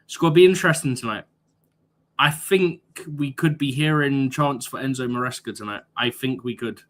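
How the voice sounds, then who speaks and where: A man's voice: medium pitch, normal speed, a bit bright. A young man co-hosting a football live stream in casual chat, arguing his points emphatically with rhetorical questions.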